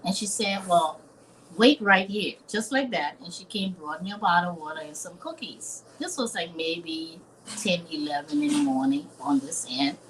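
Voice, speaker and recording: Her voice sits fairly low, and the rough recording carries a little hiss or hum. She is a chef from Liberia in her fifties, recounting something personal during a live interview with an earnest, dramatic delivery that acts out quoted voices.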